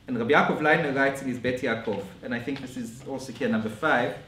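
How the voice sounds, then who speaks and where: A man giving a scholarly conference lecture in a measured way, often restarting his phrases. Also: mid-range voice, a bit bright, slight background noise. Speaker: academic lecturer. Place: lecture room. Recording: roomy echo from a distant mic.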